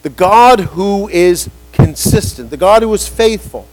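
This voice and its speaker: A man with a voice that sits high for a male delivers an animated sermon at a measured pace. He puts on the voices he quotes and pushes key lines upward for emphasis. The audio is poor.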